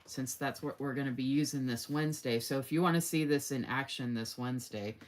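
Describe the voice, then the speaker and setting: Hosting a casual live stream, a woman with a brisk bass voice gushes over planner stickers and reads viewer comments aloud, saying "oh my gosh" often. There's slight background noise as she runs her enthusiastic sticker showcase.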